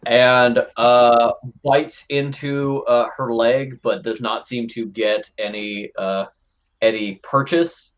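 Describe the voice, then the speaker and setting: A man's voice: mid-range voice, steady tone, slow, a little hiss or hum, rough recording. Man narrating a tabletop game, full of fillers. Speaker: game master.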